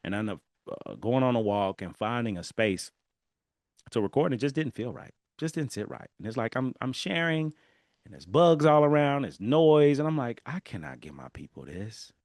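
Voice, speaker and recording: A mid-range, moderately paced male voice comes through in studio quality with no echo. As host of a casual solo podcast, this Southern Californian tells stories with energy, laughs, and speaks directly to listeners.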